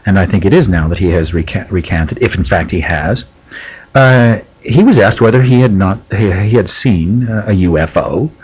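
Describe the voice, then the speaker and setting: A man who is a studio guest on a radio talk show, telling stories with animated emphasis, heard through a studio microphone on a lo-fi broadcast. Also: lowish voice, breathy edge. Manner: animated storyteller, lively emphasis.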